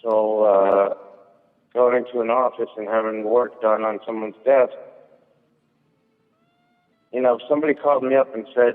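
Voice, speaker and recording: A man's voice: mid-range voice, fairly even intonation, normal speed, pauses often. A male comedian chatting casually, telling a rambling story with many fillers and restarts. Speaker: guest comedian. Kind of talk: casual chat. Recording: thin phone-like sound with long echo.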